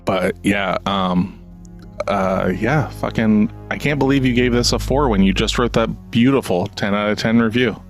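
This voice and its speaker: A man's voice: on the low side, normal speed, faint music behind. A man co-hosting a horror movie podcast in casual chat, swearing freely and mock-indignant as he reads a review aloud. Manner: profane, animated, mock-indignant. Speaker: podcast co-host.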